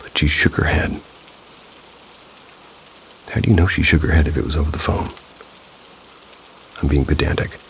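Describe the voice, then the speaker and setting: A man's voice: a bass voice, normal speed, creaky, long pauses, a bit bright, slight background noise. A man narrating first-person paranormal stories in a scripted way, dropping dry, wry asides. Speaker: storyteller reading viewer stories.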